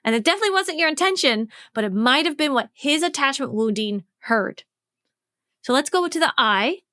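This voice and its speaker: A woman relationship coach explaining a method on her own podcast, frank and animated, acting out both partners' lines. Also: high voice, a little fast, no room sound, studio quality. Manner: frank, swears casually.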